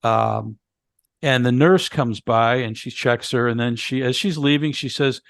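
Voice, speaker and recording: A man's voice: mid-range voice, unhurried, gravelly, fairly bright tone, no echo, studio quality. Man recapping a horror film plot. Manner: retells plot step by step with fillers. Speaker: podcast co-host. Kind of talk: casual movie review chat.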